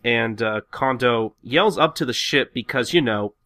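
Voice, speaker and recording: A man's voice: mid-range voice, unhurried, dry recording, studio quality. A man hosting a podcast, casually retelling comic scenes with lots of fillers. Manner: relaxed, filler-heavy retelling. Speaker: podcast host. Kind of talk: casual chat recapping a comic.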